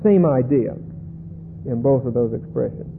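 A man teaching a Bible passage verse by verse, deliberate and often checking in with "Okay?". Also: medium pitch, lively intonation, vocal fry. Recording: tinny phone-like band with faint hum.

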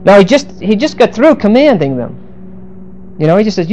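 Middle-aged male preacher, mellow dark voice, teaching scripture with grammar asides and humor; faint background hiss. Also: high voice, big pitch swings, brisk, dull audio. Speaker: pastor. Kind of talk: verse-by-verse sermon.

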